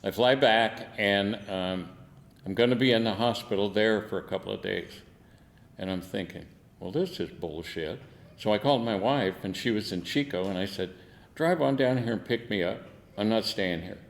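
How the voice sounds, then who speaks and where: A man's voice: fairly low pitch, creaky, in a large hall. An older man, a veteran, telling war stories in an oral history interview, salty and laughing, acting out the quotes. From United States.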